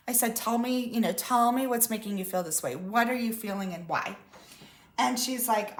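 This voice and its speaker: Her voice sits on the high side and sounds a bit bright, with a roomy sound around it. She's a vlogger and adult mother of a school-age daughter, casually telling viewers a chatty story full of quoted dialogue.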